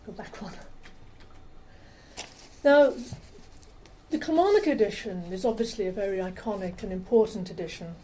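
A woman lecturing to an audience over slides, in a mellow, warm tone. She talks in a chatty way, stopping now and then to correct herself. There is a faint hum of room noise behind her. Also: medium pitch, animated, moderate pace, long pauses, rough recording. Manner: chatty, with fillers and self-corrections. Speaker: lecturer on rare books. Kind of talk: public talk with slides.

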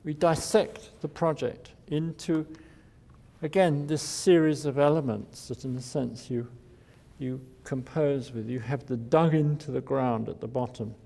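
Wry architect lecturing in a hall. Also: male voice, medium pitch, fairly even intonation, a little slow, creaky, mellow. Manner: wry, digressive, chuckles at his own jokes. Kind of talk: informal public lecture.

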